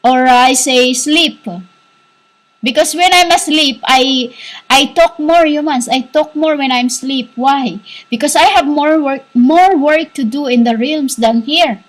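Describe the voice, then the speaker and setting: A woman giving a rambling spiritual monologue, halting and repetitive, scolding her listeners as "humans". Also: high-pitched, poor audio. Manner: scolding, insistent. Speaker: self-styled spiritual teacher.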